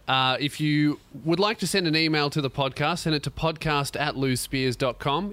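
A man hosting a podcast, relaxed and chatty, laughing easily. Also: mid-range voice. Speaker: podcast host. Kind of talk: casual podcast chat.

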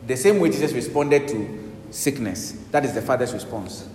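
A man preaching a sermon, swinging from loud, urgent bursts to hushed passages. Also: medium pitch, lively intonation, normal speed, a little hiss or hum. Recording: echoey hall with long reverb, faint ambience.

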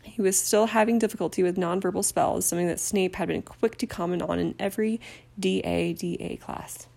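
A woman narrating an amateur audiobook reading at a steady pace, with occasional stumbles over words. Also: on the low side, a little fast, vocal fry. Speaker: audiobook reader.

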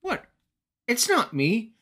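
A man impersonating a whiny, defensive male wrestler in a high, squeaky voice. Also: wildly swooping pitch, takes it slowly, pushed and bright, exaggerated voice.

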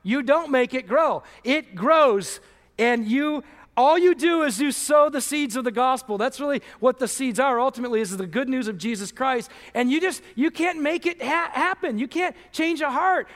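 A man preaching a sermon as pastor, earnest and emphatic, acting out quoted voices and rising to near shouts. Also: very high voice. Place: church sanctuary. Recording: long hall reverb.

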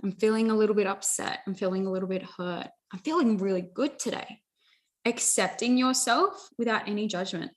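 A young adult woman giving an earnest motivational talk, repeating phrases and often saying "you know" and "like". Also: mid-range voice. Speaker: self-help speaker.

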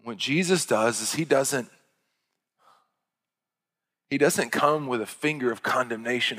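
A man's voice: medium pitch, measured pace, pauses often, fairly bright tone, in a large hall. A man preaching a sermon in an earnest, emphatic way, stressing points through repetition.

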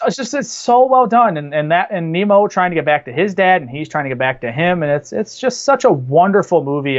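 A man's voice: medium pitch, highs cut off. A man co-hosting a casual movie discussion, talking enthusiastically and rambling with restarts. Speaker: podcast co-host.

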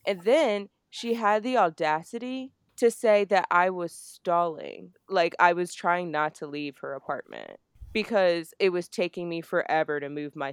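A young woman from New Jersey tells a story on a podcast, speaking low and smooth in a dry, close recording. She is animated and swears a lot, acting out the people she quotes. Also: no room sound. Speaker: podcast co-host. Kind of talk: casual storytelling.

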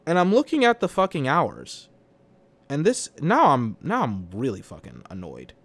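A man's voice: on the high side, huge pitch swings, normal speed. A young man hosting a solo podcast, ranting about his job in a profane, exasperated, rambling way. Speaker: podcast host. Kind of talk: solo venting rant.

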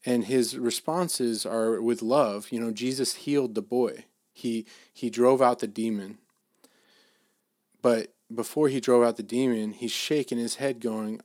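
A middle-aged dad giving an informal sermon in a casual, halting way, with many restarts and fillers. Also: male voice, medium pitch, fairly even intonation, a little mellow, no echo, studio quality. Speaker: dad giving a faith talk.

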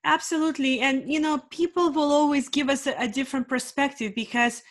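A woman appearing as a guest in an interview, giving earnest business advice and slowing down on the words she wants to stress. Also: sits high, steady tone. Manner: earnest, urging, fast bursts then slow emphasis.

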